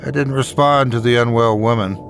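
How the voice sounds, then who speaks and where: A man narrating a first-person horror story in a measured, dramatic way. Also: medium pitch, fairly even intonation, gravelly, slight background noise.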